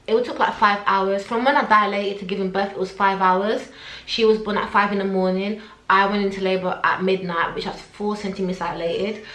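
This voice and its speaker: A young woman, telling a personal story to camera and acting out what everyone said. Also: mid-range voice. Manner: animated, acts out her own quotes. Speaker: vlogger. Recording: echoey room.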